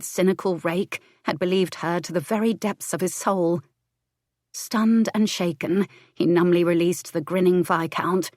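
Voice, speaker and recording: A woman narrating a historical romance audiobook in a measured, expressive reading. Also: lowish voice, no room sound, studio quality.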